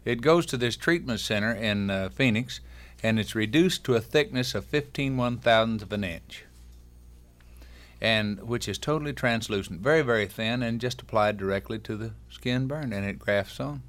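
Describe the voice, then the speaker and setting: A man's voice: on the low side, moderate pace, fairly bright tone. A man, a guest on a talk show, chatting in a folksy, joking way. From Texas. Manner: folksy, wisecracking storyteller.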